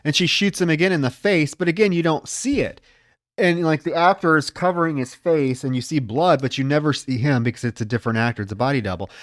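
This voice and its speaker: A man's voice: fast, dry recording, clean studio sound. Man recapping a film with profane gusto. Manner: acts out scenes in high screaming voices, swears freely. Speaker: podcast co-host. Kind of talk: casual film discussion.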